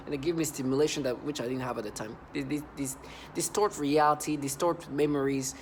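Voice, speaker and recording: A man's voice: fairly high pitch, steady tone, fairly quick, a little hiss or hum. A man vlogging an angry monologue, agitated and repetitive, often stumbling and restarting his sentences.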